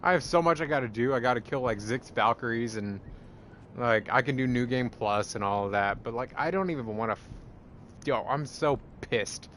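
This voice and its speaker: Man, casual podcast chat, rambling, profane, excitable, average pitch. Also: moderate pace, slight background noise.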